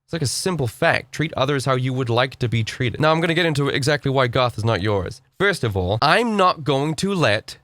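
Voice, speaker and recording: A man's voice: mid-range voice, animated, brisk, few pauses, a bit bright, dry recording. A young man delivering an indignant, profane opinion rant to camera, lecturing his audience. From Britain. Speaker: vlogger.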